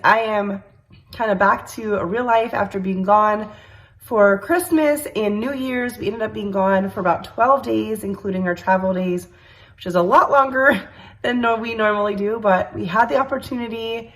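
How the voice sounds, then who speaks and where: Congested woman in her thirties, slightly nasal, casual kitchen chatter, mid-pitched. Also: moderate pace, a bit bright. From New York. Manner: chatty, rambling, many fillers. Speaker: cooking vlogger. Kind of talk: casual chat. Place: home kitchen.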